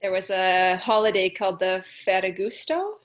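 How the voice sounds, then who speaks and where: A woman's voice: mid-range voice, animated, moderate pace. A woman guest on a podcast, talking in a reflective, giggly way over a video call. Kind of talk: casual heartfelt conversation.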